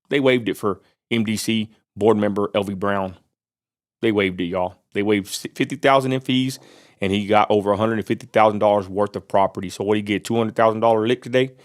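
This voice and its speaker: A man from Texas delivering an angry, fired-up vlog rant, preacher-like and full of Southern turns of phrase. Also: fairly low pitch. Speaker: vlogger. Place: outdoors near a roadside lot.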